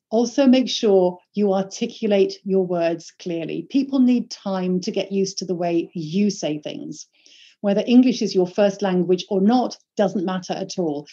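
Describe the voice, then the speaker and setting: Woman coaching in a clear, emphatic voice. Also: medium pitch, dark tone, muffled recording. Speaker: presentation skills trainer. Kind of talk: online workshop talk.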